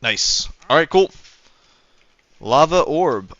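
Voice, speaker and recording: A young man with a slightly high, bit-bright voice takes it slowly but stays animated while livestreaming a game, with no echo. His casual chat with viewers is rambling and self-correcting, recorded on a dull lo-fi mic.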